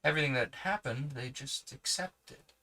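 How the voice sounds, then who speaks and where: A man reading a children's novel aloud, unhurried, with small self-corrections and casual asides. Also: mid-range voice, bright, forceful tone, rough recording. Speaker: podcast host reading a book aloud.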